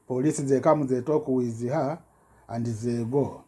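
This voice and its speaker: A man giving a rambling personal account in halting broken English, full of restarts and repetitions, his voice jumping up when he gets agitated. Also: mid-range voice, steady tone, mellow. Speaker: self-recorded complainant.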